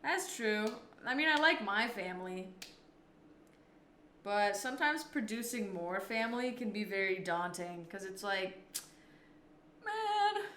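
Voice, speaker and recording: Live-streaming, a woman chats easily with viewers and answers their messages as they arrive. Her mid-range voice is bright, forward, and sing-song, unhurried with long pauses, and it echoes around the room over a light hiss of background noise.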